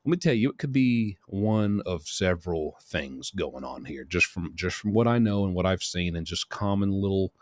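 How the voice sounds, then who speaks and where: A man's voice: low voice, animated, normal speed, hardly any pauses, darkish tone, no room sound. A middle-aged man hosting a casual commentary video in a chatty way. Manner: chatty, shifts into quoted voices. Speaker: host.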